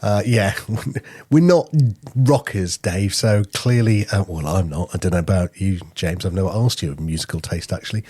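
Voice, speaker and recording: A man with a low, husky voice co-hosts a podcast. He jokes around in a light-hearted way, and his voice sounds dry and close. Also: moderate pace, a little mellow, no room sound. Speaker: podcast co-host. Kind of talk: casual podcast chat.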